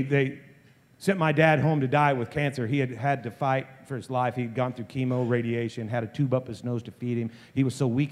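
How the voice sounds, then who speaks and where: A man in his fifties, a pastor telling a story in a sermon, often halting and restarting his sentences. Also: mid-range voice. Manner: halting, full of repeated restarts. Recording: long reverb of a large hall.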